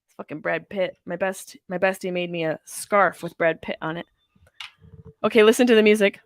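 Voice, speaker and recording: A woman's voice: fairly low pitch, moderate pace, no room sound. A woman in her thirties hosting a live movie watch-along from home, rambling and joking with crude humor while stoned. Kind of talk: casual live-stream chat. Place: house, at home.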